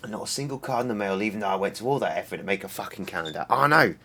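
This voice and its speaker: A man's voice: on the low side, expressive, very fast, pushed and bright. A man streaming a mystery game, swearing constantly and sounding exasperated. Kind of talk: casual live-stream commentary.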